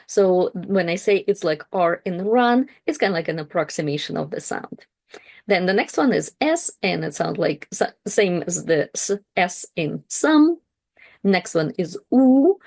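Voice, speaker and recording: A woman teaching a language lesson, carefully slowing down to pronounce each example word. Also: mid-range voice, darkish tone, dry recording. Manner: careful, slowed pronunciation of example words.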